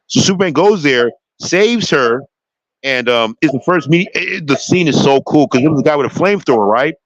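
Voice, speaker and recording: Talking animatedly and a little fast in a fairly high voice, this man hosts a relaxed chat about a TV show, rambling eagerly with many restarts. The recording is dry and comes through a slightly dull lo-fi mic.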